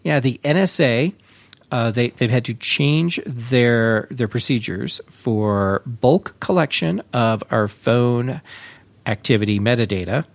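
A man hosting a tech podcast, talking in a relaxed, chatty way with frequent fillers. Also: mid-range voice, slow, vocal fry, dry recording. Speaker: podcast host. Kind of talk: casual tech podcast talk.

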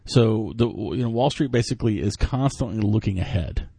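A man co-hosting a tech news podcast, reading headlines and explaining things in a relaxed way with restarts. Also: on the low side, normal speed, gravelly, breathy edge, dry recording. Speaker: podcast co-host.

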